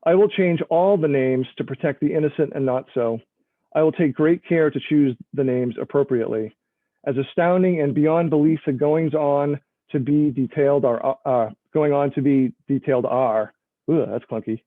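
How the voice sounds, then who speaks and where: A man's voice: on the high side, moderate pace, no echo. A man reading a memoir-style opening from his novel in progress, with self-deprecating asides and laughs between passages, over a video call. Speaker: author reading his work. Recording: tinny phone-like line, dry.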